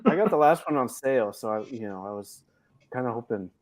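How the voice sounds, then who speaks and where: A man's voice: medium pitch, animated, brisk, over a noisy crowd. A man in a casual live chat over a video call, talking chattily and often restarting his sentences. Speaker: guest collector.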